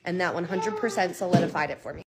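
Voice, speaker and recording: A woman's voice: fairly low pitch, fast, noisy background. Earnest woman telling a storytime. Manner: emphatic, repeats words for stress; earnest and candid, occasional swearing. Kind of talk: casual storytime.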